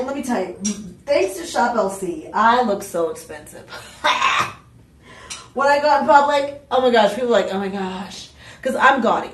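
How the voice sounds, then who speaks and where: A woman hosting a live home shopping show, pitching jewelry in a chatty, exuberant way with playful asides. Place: TV shopping studio. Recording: roomy studio sound, mic at a distance.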